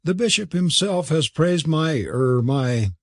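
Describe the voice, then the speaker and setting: A man's voice: mid-range voice, sing-song, moderate pace, slightly rough, dry recording, studio quality. A man voicing a prim, flustered young male curate who stammers when cornered. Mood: fussy.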